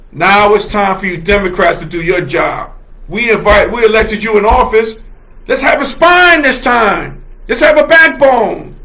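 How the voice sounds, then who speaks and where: A man's voice: extremely high pitch, pushed and bright. A man hosting a solo livestream, talking with passion and heavy emphasis, laughing often and repeating himself as he reads viewer comments. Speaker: host.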